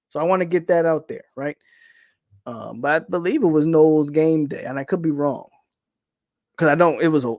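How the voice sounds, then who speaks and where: A man's voice: fairly high pitch, dry recording, clean studio sound. A man hosting a casual live podcast, answering chat questions in a loose, opinionated way with a Southern US accent. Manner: loose, opinionated, trails off and restarts.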